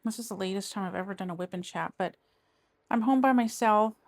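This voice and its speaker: A woman's voice: mid-range voice, brisk. Chatty middle-aged woman. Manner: rambling, chatty, trails off and restarts. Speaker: crafting vlogger. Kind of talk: casual chat while diamond painting.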